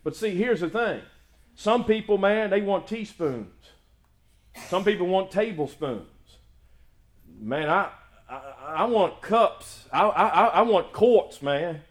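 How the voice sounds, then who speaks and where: High-voiced preacher, emphatic. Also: male voice, expressive, takes it slowly. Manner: emphatic preaching, rising loud on praise lines, folksy storytelling asides. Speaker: pastor. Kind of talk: sermon.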